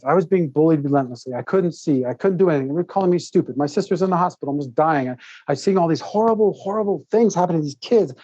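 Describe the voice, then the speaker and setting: A man guest on a podcast, telling a long personal story in a rambling, animated way, laughing often and restarting his sentences. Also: on the high side, no room sound, dull audio. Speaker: podcast guest, author and speaker. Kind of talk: casual interview storytelling.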